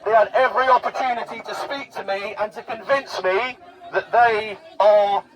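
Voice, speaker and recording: A man hectors people outdoors, his voice pushed very high and hard as he repeats the same demands again and again. A crowd clamours around him the whole time. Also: steady tone, moderate pace, a bit bright, rough recording. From Britain. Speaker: political party leader. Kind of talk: confrontational street address. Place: outdoors at a roadside camp.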